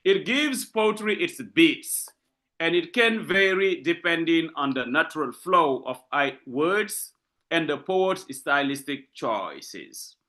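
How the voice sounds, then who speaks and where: In this university lecture, a literature lecturer speaks slowly with a lively pitch. His teaching style is repetitive and unhurried, punctuated by frequent "okay?" checks.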